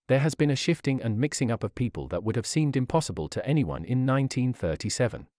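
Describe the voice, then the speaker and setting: A man reading a nonfiction audiobook aloud as narrator, with an expressive, pointed delivery and a sardonic edge. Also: mid-range voice, no echo, studio quality.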